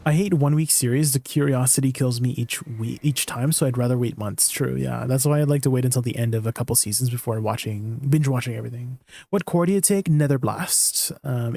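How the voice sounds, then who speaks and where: A male streamer talking casually to his chat while he plays, wandering from thought to thought and restarting his sentences. His voice is mellow and dark, at an ordinary pitch for a man. The sound is close and dry, with no room around it. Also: creaky, no echo. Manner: rambling, chatty, lots of fillers and restarts. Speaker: gaming streamer.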